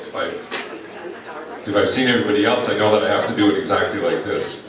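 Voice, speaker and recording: Low-voiced wry man in an echoey hall. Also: fast talker. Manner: wry, self-mocking. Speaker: reunion speaker sharing memories. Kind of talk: humorous reminiscing speech. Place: large echoey hall at a reunion. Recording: echoey hall, distant mic, crowd.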